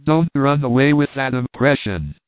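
A man's voice: medium pitch, lively intonation, normal speed, dry recording, close to an everyday voice. A man voicing a nervous young clerk who blusters stiffly and stammers in a storybook reading. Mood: fierce. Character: nervous, blustering young male shop assistant. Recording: tinny phone-like dry sound.

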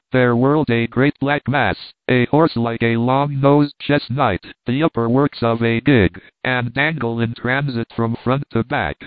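A man reading a novel aloud in an even, measured narration. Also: medium pitch, dry recording. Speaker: audiobook narrator. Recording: tinny phone-like dry sound.

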